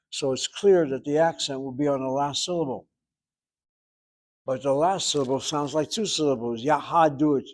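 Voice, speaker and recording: A man lecturing on Hebrew grammar in a slightly raised voice. He explains step by step and repeats words slowly so the students can hear each sound. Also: a little high, a little mellow, poor audio. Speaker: Hebrew teacher.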